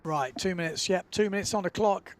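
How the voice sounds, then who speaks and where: A man commentating live on a windsurfing event in a relaxed, chatty way, often filling pauses with "uh". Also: sits high.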